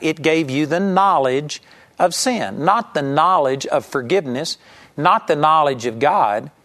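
A man preaching an earnest sermon, teaching from scripture and telling a story to make his point. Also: on the high side. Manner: earnest, emphatic Bible teaching with anecdotes.

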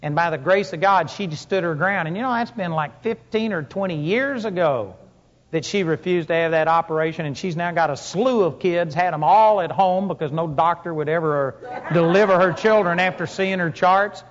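Delivering a sermon to his congregation, a man with a high voice tells stories punctuated by emphatic rises and punchy lines, speaking at a moderate pace. Long hall reverb and dull lo-fi audio color the recording.

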